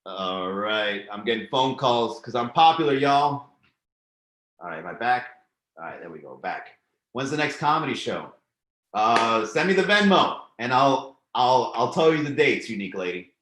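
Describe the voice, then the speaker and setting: A man's voice: medium pitch, very animated, moderate pace, a bit bright, echoey room. A man hosting a live comedy stream, chatting loosely and profanely as he reads and riffs on viewer comments. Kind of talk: casual live-stream chat reading comments.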